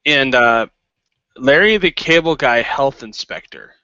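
A man co-hosting a podcast in casual chat, talking in a rambling, halting way with many restarts. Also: medium pitch, animated, sharp tone, clear, resonant tone, no echo, highs cut off. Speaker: podcast co-host.

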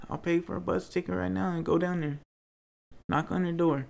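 A man's voice: a little high, steady tone, normal speed, creaky, darkish tone. A man being interviewed, telling personal stories in an earnest, rambling way that turns to pleading.

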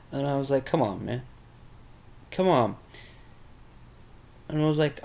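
A man's voice: medium pitch, normal speed, pauses often, a little mellow. A young man candidly telling a personal story, rambling and swearing, as a podcast host. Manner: candid, rambling, with crude language.

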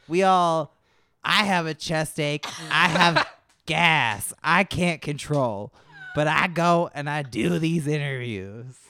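A man's voice: on the high side, slow, bright, forceful tone, smooth, full character voice. A man doing a scolding older talk-show hostess. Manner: lecturing, emphatic.

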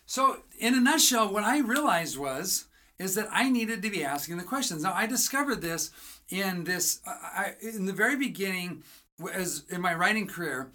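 This writing coach is full of energy, teaching motivationally in a bright, forceful, mid-range voice. Along the way, the coach poses rhetorical questions to the listener and plays out short conversations.

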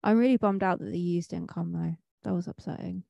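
Speaking a little fast in a lowish, creaky, dark-toned voice, this podcast co-host from Manchester, England, chats casually and rambles with plenty of fillers and restarts. The lo-fi recording has no echo.

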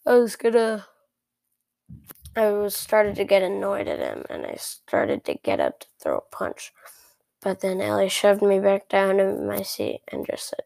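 Chatty storyteller woman with vocal fry. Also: mid-range voice, very animated, measured pace, warm tone, dry recording. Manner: chatty and rambling, with sarcastic asides. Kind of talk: casual first-person story narration.

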